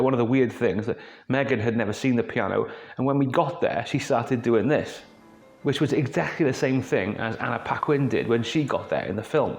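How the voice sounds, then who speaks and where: A man's voice: mid-range voice, a little mellow. A Welsh man tells a long personal story in a chatty, rambling way, dropping in asides and fillers as he goes. His voice sits in a middle register. It rings a little in a roomy space, with faint music underneath. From Wales. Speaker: host. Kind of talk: casual anecdotal storytelling.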